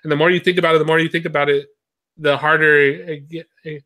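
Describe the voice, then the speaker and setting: Bright, chatty man rambling with a laugh. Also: fairly high pitch, flat delivery, quick pace. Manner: rambling, filler-heavy, laughs often. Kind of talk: casual chat.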